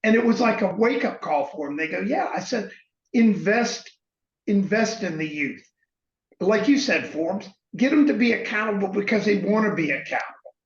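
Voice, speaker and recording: Middle-aged male guest, high pitch, animated storyteller; echoey, muffled recording. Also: normal speed. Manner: animated anecdote teller, acts out quoted voices. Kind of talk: storytelling in conversation. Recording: echoey, slightly dull sound.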